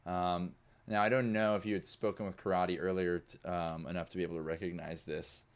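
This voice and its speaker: Man, deep voice, game master, casual narration, lots of fillers. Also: little pitch movement, a little fast, smooth.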